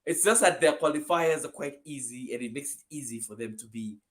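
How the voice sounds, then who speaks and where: A man from Zambia, co-hosting a casual football prediction chat over a video call. He speaks energetically and emphatically, swinging between loud bursts and softer asides. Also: medium pitch, a little fast. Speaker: co-host.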